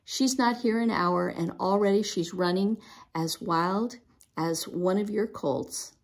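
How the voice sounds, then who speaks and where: A woman's voice: mid-range voice, takes it slowly, husky. A woman reading as a cheerful gracious mother.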